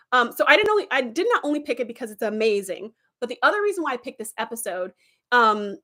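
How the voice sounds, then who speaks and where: A middle-aged woman in casual conversation, her voice sitting a little high. She tells stories with energy and jumps into acted quotes along the way. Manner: animated storytelling with acted-out quotes. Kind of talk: casual enthusiastic chat.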